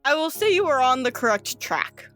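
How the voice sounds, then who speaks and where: A woman's voice: high voice, sing-song, moderate pace, a bit bright, faint music behind. A woman acting as game master, narrating a tabletop game in a playful, teasing way with frequent laughs.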